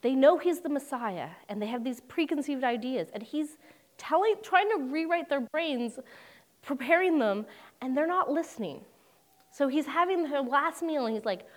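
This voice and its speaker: A woman's voice: sits high, animated, moderate pace. A young woman preaching a sermon in a conversational way, with humorous asides and dramatic quoted voices.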